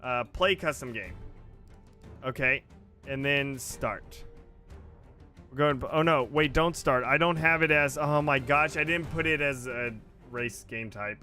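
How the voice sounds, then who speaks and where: A man's voice: medium pitch, a little slow, pushed and bright. A man hosting a casual gaming livestream, rambling with lots of fillers and chatting to his viewers. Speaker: gaming streamer and host. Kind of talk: casual livestream commentary while playing. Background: faint game music.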